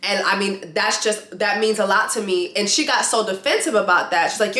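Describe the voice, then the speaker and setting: A woman vlogging a blunt, animated rant with free swearing, reviewing a reality show. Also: mid-range voice, fairly quick, few pauses, roomy sound. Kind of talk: casual opinionated vlog rant. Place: lives in Atlanta.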